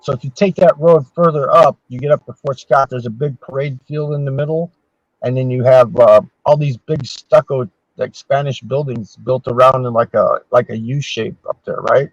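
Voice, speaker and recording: Speaking at a normal speed with fairly even intonation and a medium pitch, a man in his sixties hosts a podcast, rambling through long, profane anecdotes in casual conversation. The recording is dull and dry.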